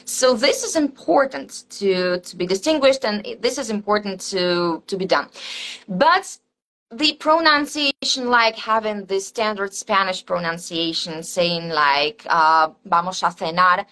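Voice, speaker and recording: Bright-voiced woman explaining as a guest. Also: medium pitch, lively intonation, measured pace, rough recording. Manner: explanatory, with frequent fillers. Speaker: Spanish teacher and guest. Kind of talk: casual interview answers.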